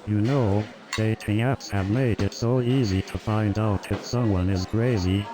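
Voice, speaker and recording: A synthetic male voice delivering a stand-up comedy routine in a steady joke-telling cadence with stock setups. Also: lowish voice, measured pace. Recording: loud music and laugh track behind. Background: loud music and audience laughter.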